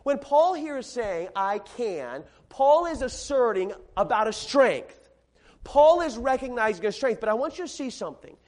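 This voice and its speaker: A man's voice: very high-pitched, moderate pace. A man preaching an evening sermon to a congregation in a room. He talks conversationally and with energy, asks the listeners questions and repeats his main points. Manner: conversational and animated, asking the audience questions and repeating key points. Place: room with a gathered audience.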